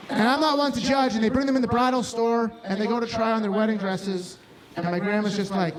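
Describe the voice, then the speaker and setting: A man from Hamilton, Ontario, performing live stand-up comedy in a rambling, profane, excitable way. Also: very high-pitched, normal speed, poor audio. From Hamilton, Ontario, Canada. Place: small bar stage with live audience. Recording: live bar set with crowd noise.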